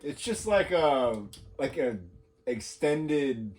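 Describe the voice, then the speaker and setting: A man co-hosting a casual podcast chat, dropping dry deadpan quips. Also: on the high side, slow pace. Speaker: podcast co-host.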